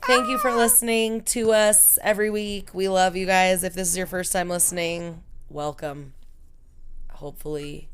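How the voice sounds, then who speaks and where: A woman's voice: lowish voice, steady tone, normal speed, clear, resonant tone. A woman co-hosting a podcast in loose, giggly casual chat, swearing now and then. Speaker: podcast co-host.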